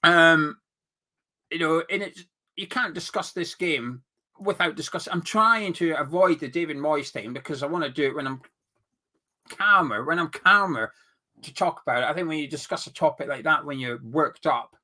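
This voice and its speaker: A man's voice: a little high, normal speed, pushed and bright. A young man hosting a fan channel, ranting about a match in a worked-up, exasperated and sarcastic way. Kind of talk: heated football fan commentary.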